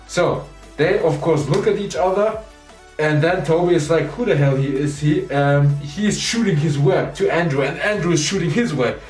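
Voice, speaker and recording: A man excitedly retelling movie scenes in a rambling spoiler review, acting out the characters' lines as he goes. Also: fairly high pitch. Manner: enthusiastic, rambling, acts out quoted lines. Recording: roomy echo, distant mic, faint music.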